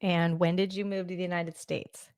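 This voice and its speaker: A woman's voice: lowish voice, level tone, moderate pace, darkish tone, dry recording. A woman in her forties hosting a podcast, asking upbeat questions and prompting her guest to tell stories. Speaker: podcast host. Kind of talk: casual podcast interview.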